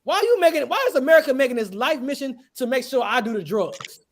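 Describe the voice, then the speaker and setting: Male street preacher, animated pitch, emphatic call-and-response delivery. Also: fast. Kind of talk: street sermon.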